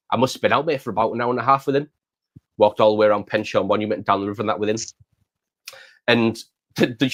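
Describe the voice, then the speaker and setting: Man, thirties, casual chat, rambling, repeats words, says mate. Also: mid-range voice. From England. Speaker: channel host.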